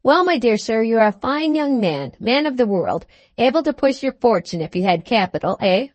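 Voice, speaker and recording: A woman's voice: fairly high pitch, lively intonation, moderate pace, no room sound. Woman doing a fussy wheedling little lawyer. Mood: coaxing. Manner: wheedling, keeps saying "my dear sir". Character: fussy little male attorney, ingratiating.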